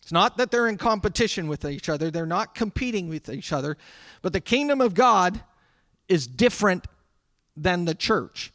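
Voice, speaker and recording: Pastor guy with a high voice giving a chatty sermon, dry close sound. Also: expressive, normal speed, fairly bright tone, dry recording. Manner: conversational, with restarts and asides to the congregation. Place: church sanctuary.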